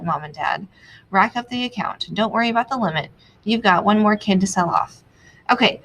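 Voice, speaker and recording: A young adult woman teaching, annotating a text aloud as she reads, thinking out loud with many pauses. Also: mid-range voice, slight background noise, rough recording.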